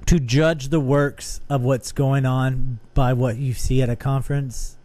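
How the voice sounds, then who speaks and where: Mellow-voiced man steering a discussion. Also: mid-range voice, steady tone, measured pace, no room sound. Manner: earnest, steering the conversation with questions. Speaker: podcast co-host. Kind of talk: casual discussion.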